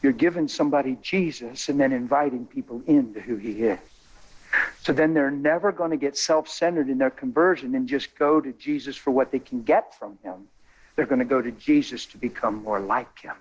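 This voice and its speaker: A man telling a testimony in a sermon, animated and folksy, building to excited exclamations. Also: medium pitch, normal speed, husky, muffled recording. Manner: colloquial, folksy phrasing.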